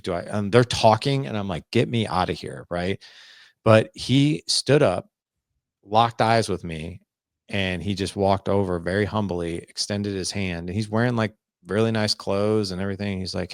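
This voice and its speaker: A man in his forties with a very low, gravelly voice tells a personal story as a podcast guest. He talks in an earnest, confessional way and acts out remembered dialogue. The sound is close and dry, with no room echo. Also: moderate pace. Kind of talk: candid storytelling in a podcast interview.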